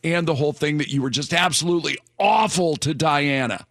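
A man's voice: a little high, brisk, a bit bright, dry recording. A man hosting a morning radio show, chatting casually and rambling with repeated words.

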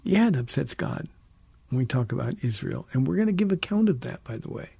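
Gravelly, husky pastor on the radio. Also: male voice, mid-range voice, sing-song, dark tone, no room sound. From United States. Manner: earnest, preacherly, with emphatic slow stresses. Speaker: pastor and radio call-in host. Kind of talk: radio call-in Bible teaching. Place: radio studio.

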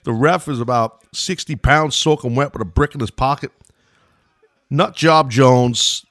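A man's voice: medium pitch, unhurried, fairly bright tone, no echo, studio quality. A middle-aged man with a New York accent, hosting a podcast and giving casual, rambling play-by-play of an old wrestling match, drifting into asides. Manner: loose and chatty, wanders into asides.

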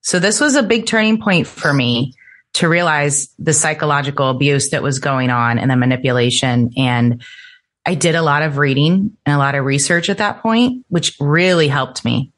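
Middle-aged woman, low voice, earnest interview guest who animates quotes. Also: normal speed, a bit bright. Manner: earnest, voice lifting sharply when she quotes people. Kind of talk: personal story in conversation.

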